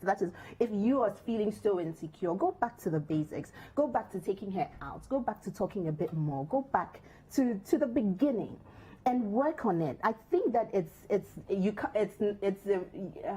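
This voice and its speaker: A woman's voice: medium pitch, dark tone, husky. A Ghanaian woman co-hosting a relationship advice show in a studio, giving teasing, playful counsel.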